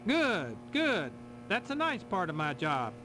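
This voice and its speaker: A man's voice: sits high, wildly swooping pitch, slow pace, background noise, full character voice. A man playing a jovial, overly friendly school principal in a game. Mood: hearty. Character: jovial middle-aged male school principal.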